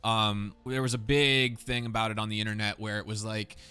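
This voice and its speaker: A man co-hosting a gaming podcast, chatting casually, animated and exasperated, swearing freely. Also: lowish voice, fairly quick, clean tone. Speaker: podcast co-host.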